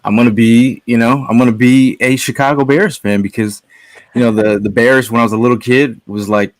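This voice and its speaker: A man guest on a casual podcast, telling stories in a halting, rambling way with many restarts. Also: mid-range voice, fairly even intonation, no echo. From Connecticut.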